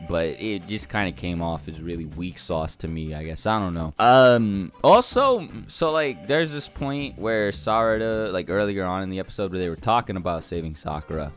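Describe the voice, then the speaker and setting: A young man rambling through a casual anime review at a home microphone, chatty and loose with lots of fillers. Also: low-pitched. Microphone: home desktop microphone.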